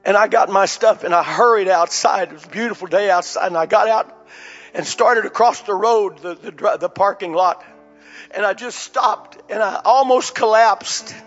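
A man's voice: high-pitched, moderate pace, a bit bright. A man preaching, telling a personal story to his congregation in a candid, conversational way. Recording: slightly dull recording with faint music behind.

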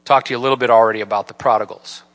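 In the church sanctuary, a male pastor reads scripture solemnly and rises from quiet, low talk to loud preaching. His tone stays steady while his words come rapid-fire.

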